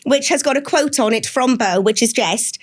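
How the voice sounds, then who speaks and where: A woman in her forties talks with a guest's open, chatty frankness. Her voice sits on the higher side, and she tells her stories with lively candour. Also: moderate pace. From Wales. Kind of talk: casual interview chat.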